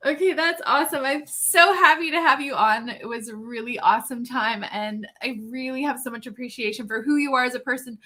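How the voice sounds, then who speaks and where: Bright, high-voiced woman host. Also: fairly even intonation, brisk, hardly any pauses. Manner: agreeable, laughs often. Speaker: podcast host. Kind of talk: casual interview chat.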